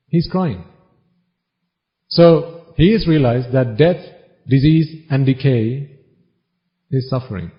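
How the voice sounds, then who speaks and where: A man's voice: medium pitch, takes it slowly, long pauses. A man giving a Buddhist sermon, teasing his listeners with one question after another in a wry tone. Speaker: Buddhist preacher. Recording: dull lo-fi recording.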